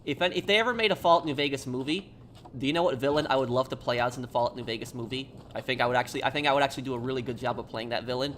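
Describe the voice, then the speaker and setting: A man streaming a game, chatting casually with viewers in a halting, hesitant way full of restarts. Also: mid-range voice, fairly bright tone, slight background noise. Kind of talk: casual live-stream chat.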